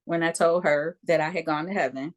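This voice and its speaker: Animated woman in her fifties telling stories. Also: deep voice, a little fast. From United States. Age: 50s. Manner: animated storyteller who acts out voices and keeps checking in with "okay?". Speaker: guest, Reiki practitioner. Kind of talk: storytelling in a conversational interview.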